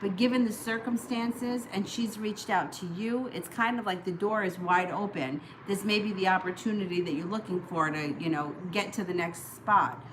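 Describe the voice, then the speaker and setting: A woman with a fairly low voice reads tarot live for viewers. She talks in a loose, chatty way, reassuring them and giving advice. A faint hiss sits under her voice. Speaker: tarot reader. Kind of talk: live-streamed tarot reading.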